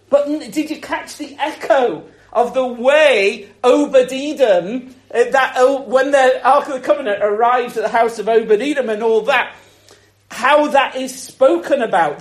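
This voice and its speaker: A man preaching a Christmas sermon in a lively, conversational way, asking the listeners rhetorical questions. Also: extremely high pitch, unhurried. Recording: echoey room.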